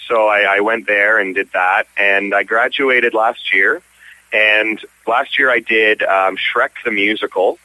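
A man's voice: lowish voice, fairly even intonation, a little slow, pushed and bright, rough recording. A young man from Canada, a stage actor, chatting easily as an interview guest. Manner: easygoing, frequent restarts. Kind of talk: casual interview.

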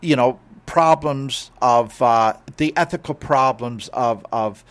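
Weighing his opinions on a stage production the way a critic would, this man speaks at a relaxed pace in a medium-pitched voice. His casual review is full of hesitations, repeated words, and restarted sentences.

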